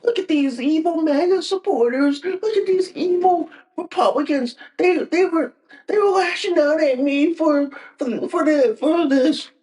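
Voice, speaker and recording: A podcaster putting on a high, whiny, crying voice to mock a protester. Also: measured pace, darkish tone. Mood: whining mock. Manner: high whiny mocking wail.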